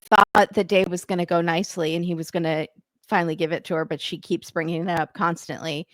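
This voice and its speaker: A woman's voice: lowish voice, steady tone, brisk, no echo. A woman co-hosting a podcast, giving wry, opinionated commentary on a reality show. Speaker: podcast co-host. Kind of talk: casual recap chat.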